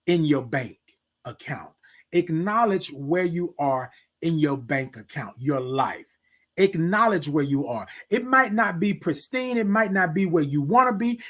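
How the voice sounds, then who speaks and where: Preachy man with a lively, swinging voice. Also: on the high side. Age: adult, military veteran. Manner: preachy, repeats key phrases, talks to viewers directly. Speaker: host of a live morning show. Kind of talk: motivational live-stream talk.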